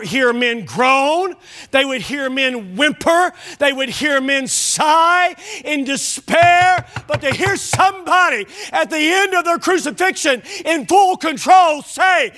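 Bright, high-pitched impassioned preacher man. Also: expressive, slow pace. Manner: impassioned preaching, often shouting; addresses listeners as friend. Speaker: pastor. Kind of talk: sermon.

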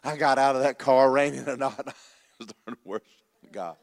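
Folksy preacher telling a story in a hall. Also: male voice, medium pitch, a little fast, gravelly. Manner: folksy, animated storytelling with repetition. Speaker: pastor. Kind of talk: sermon with storytelling.

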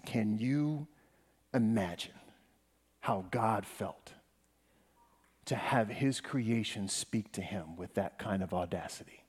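A man preaching a sermon as pastor. He addresses the congregation directly, swinging between hushed passages and emphatic ones. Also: lowish voice, slow, pauses often, breathy edge, big-room sound.

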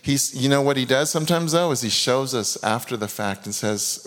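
A man's voice: medium pitch, steady tone, fairly quick, few pauses. Male preacher, 50s, mid-range voice, earnest testimony, long hall echo. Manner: earnest, confessional, with many restarts and quoted asides. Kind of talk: sermon with personal testimony.

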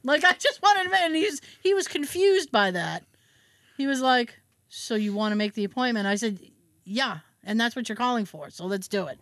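Animated woman telling a story, dry sound. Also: fairly high pitch, normal speed, no room sound. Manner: animated storyteller, swears freely, acts out both sides of phone calls. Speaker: podcast co-host. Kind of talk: casual chat.

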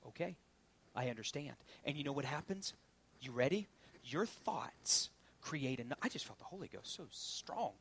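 A man preaching a sermon as pastor, swinging from loud preaching to hushed whispers. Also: fairly high pitch, slightly rough.

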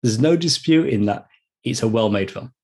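Casting note: Australian male podcast co-host, slightly husky, emphatic opinions. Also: medium pitch, animated, moderate pace, a little mellow. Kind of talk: casual film review chat.

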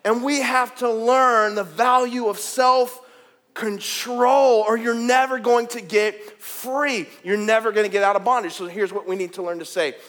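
A man preaching a sermon, animated and joking as he calls out to the congregation. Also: very high-pitched, unhurried. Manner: animated, jokey, calls out to the crowd. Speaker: pastor. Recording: long hall reverb.

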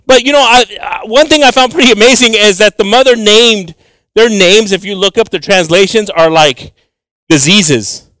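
Young guy preaching, lively, keeps repeating himself, kinda high voice, dry close sound. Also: normal speed, no echo. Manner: animated, repeats words, switches between English and Spanish. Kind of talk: bilingual Bible teaching.

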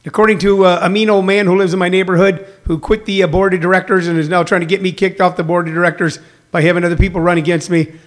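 Male live-stream host from Missouri, higher-pitched voice, halting and full of ums and uhs. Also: little pitch movement. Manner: rambling, halting, full of filler sounds, greets viewers by name. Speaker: host of an online show. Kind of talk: casual live-stream chat.

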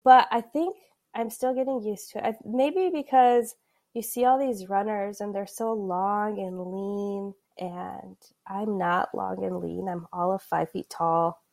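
A woman's voice: mid-range voice, steady tone, measured pace, vocal fry, a little mellow. Woman in her thirties, talkative guest with a casual, laugh-prone delivery. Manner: chatty, frequent "like" fillers, laughs mid-sentence. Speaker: podcast guest. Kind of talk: casual conversational storytelling.

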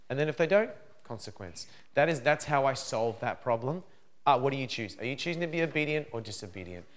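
A man with a medium-pitched voice runs a parenting seminar for a live audience, speaking briskly. He is animated, performing the lines of both parents and children as acted examples.

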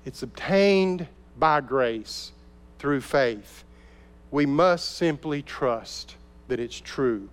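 Pastor preaching in a reverberant hall. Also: male voice, medium pitch, animated, drawn-out words. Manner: storytelling, dropping to soft intense tones. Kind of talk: sermon. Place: church sanctuary. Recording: long reverb of a large hall.

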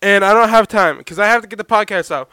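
A young man hosting a solo podcast, talking loudly to listeners on a badly set microphone and checking in with "okay?" and "all right?" again and again. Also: high voice, lively intonation, fast, no echo, clean studio sound. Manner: loud, talks to listeners with repeated "okay?". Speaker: podcast host. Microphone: poorly set podcast microphone.

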